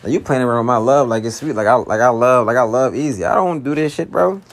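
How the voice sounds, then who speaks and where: A young man with a Philadelphia accent vents to his girlfriend in a vlog, his medium-pitched voice moving quickly. The monologue is profane and slangy, starting out pleading and turning exasperated.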